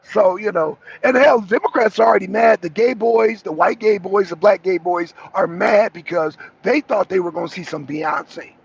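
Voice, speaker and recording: Gravelly high-voiced man ranting. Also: normal speed, hardly any pauses. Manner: rambling, heated, full of restarts and asides. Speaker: political talk show co-host. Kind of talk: opinionated political commentary. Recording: dull lo-fi audio.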